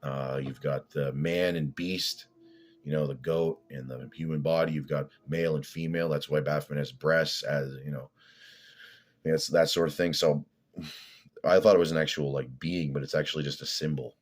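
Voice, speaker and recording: Very deep-voiced man rambling bluntly. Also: steady tone, moderate pace. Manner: profane, blunt, meandering. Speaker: fitness vlogger. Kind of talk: rambling casual monologue.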